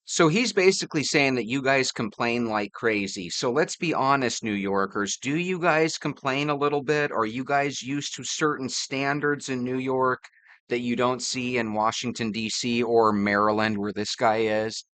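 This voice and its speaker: A man's voice: medium pitch, moderate pace, fairly bright tone, dry recording. A man hosting a reaction video, joking and chatting between clips. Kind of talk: reaction commentary.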